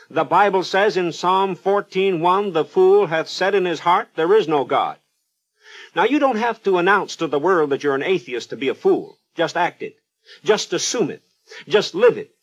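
A man's voice: on the high side, dull audio. A man preaching a radio sermon, fervent and pleading, putting pointed questions straight to the listener.

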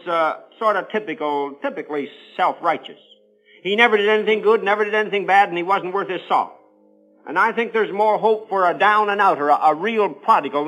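High, bright-voiced radio preacher man. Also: poor audio. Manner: earnest, preacherly storytelling with rising emphasis. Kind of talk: radio sermon.

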